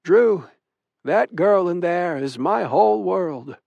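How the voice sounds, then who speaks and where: A man voicing a stern older Southern grandfather and war veteran in an audiobook, gruff and protective but tender. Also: high voice, animated, slow pace, a little mellow, no room sound, highs cut off, pitched above the performer's own voice, heavily acted. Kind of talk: audiobook character voice.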